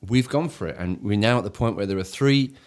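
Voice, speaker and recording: Very deep-voiced Englishman, eager and rambling. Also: a little fast. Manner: enthusiastic, searching for words with frequent restarts. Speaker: church leader and show host. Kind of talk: casual chat on a live talk show.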